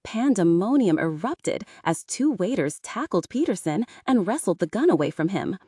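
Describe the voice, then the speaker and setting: A woman narrating an audiobook for English learners, clear and expressive. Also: mid-range voice, moderate pace, no echo, studio quality.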